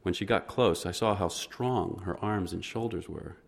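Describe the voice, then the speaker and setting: A man narrating an audiobook in the first person, measured and understated. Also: sits low, gravelly.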